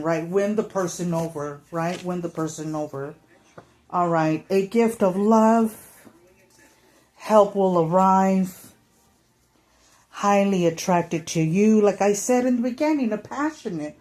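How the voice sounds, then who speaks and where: A woman's voice: lowish voice, slow, a little mellow. A woman giving a casual tarot reading to camera, chatty and full of fillers, sometimes acting out what people might say. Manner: chatty, many fillers, acts out quoted thoughts. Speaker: tarot reader.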